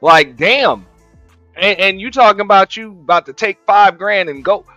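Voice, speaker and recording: High bright-voiced man, profane laid-back host. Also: lively intonation, moderate pace, no echo, highs cut off, faint music behind. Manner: laid-back, swearing, laughing, repeats phrases. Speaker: show host reacting to clips. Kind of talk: casual profane reaction commentary.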